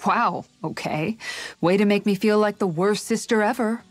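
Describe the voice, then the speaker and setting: An actress voicing a calm, caring young woman and older sister who speaks thoughtfully, in a video game. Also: medium pitch, moderate pace, no echo, soft background music, natural voice. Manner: gentle, thoughtful, soft-spoken.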